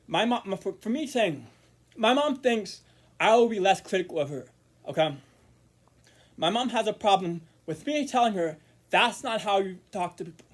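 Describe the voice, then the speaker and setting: A man vlogging in a casual monologue to camera, rambling with repeated words and restarts, murmuring quiet asides. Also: high-pitched.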